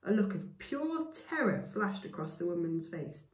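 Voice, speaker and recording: A woman's voice: on the low side, big pitch swings, unhurried, few pauses. A woman reading a storybook aloud as a storyteller, with casual asides to her listeners. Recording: echoey room, voice from far off.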